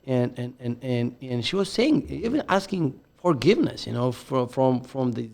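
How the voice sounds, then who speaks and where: Middle-aged male co-host, gravelly, stammering repeats, earnest discussion. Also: medium pitch, very animated, darkish tone. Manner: repeats words, halting restarts, earnest. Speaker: podcast co-host. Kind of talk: casual podcast discussion.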